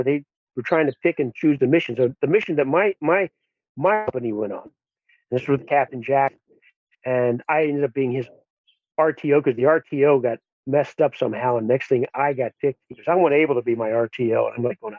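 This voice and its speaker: A man telling an army story as a podcast guest, animated and acting out the people he quotes. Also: medium pitch, no echo. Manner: animated, acts out quotes in raised voices. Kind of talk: storytelling in conversation. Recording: dry tinny phone-like line.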